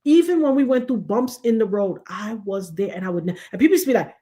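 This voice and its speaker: A woman's voice: fairly high pitch, lively intonation, fast, hardly any pauses, dark tone. A middle-aged woman, hosting a casual livestream chat and telling stories animatedly, acting out the voices of the people she quotes. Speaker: show host.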